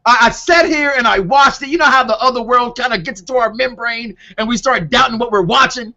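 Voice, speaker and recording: A man co-hosting a wrestling podcast, talking in an excited, animated way and often repeating himself. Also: very high-pitched, a little fast. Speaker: podcast co-host. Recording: dull lo-fi call audio.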